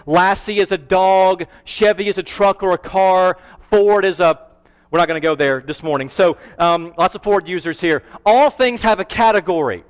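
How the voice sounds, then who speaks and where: A male pastor preaching a sermon earnestly, slowing down to stress key phrases. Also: high voice, smooth. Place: church sanctuary. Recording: reverberant church hall.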